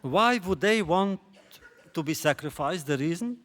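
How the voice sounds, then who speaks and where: A man giving a lecture on a biblical text, posing rhetorical questions in a deliberate way. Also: on the high side, animated, fairly bright tone. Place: lecture hall stage.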